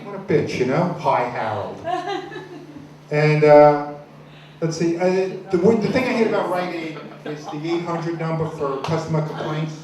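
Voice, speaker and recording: A man doing a stand-up comedy set, telling crude stories in a rambling, deadpan way with many restarts. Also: a little high, moderate pace, crowd noise. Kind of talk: stand-up set at an open mic. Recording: echoey room, far from the mic, noisy.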